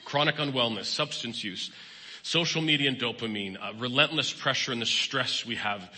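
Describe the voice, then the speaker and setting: A man's voice: mid-range voice, moderate pace, sharp tone. A man in his fifties, a therapist giving a candid, personal talk in a conversational sermon style. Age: 50s. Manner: candid, personal, plain-spoken. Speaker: guest speaker and therapist. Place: church hall. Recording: long reverb of a large hall.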